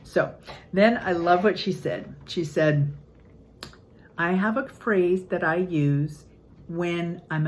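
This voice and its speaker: An older woman, a grandmother, giving an earnest, upbeat casual talk on parenting, acting out quotes in lively voices. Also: fairly low pitch, slight background noise, poor audio. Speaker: parenting channel host.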